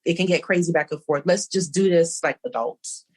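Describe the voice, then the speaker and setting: A woman's voice: lowish voice, brisk, husky. A middle-aged woman co-hosting a podcast, telling a long rambling story and quoting back and forth. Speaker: podcast co-host. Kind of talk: casual podcast chat.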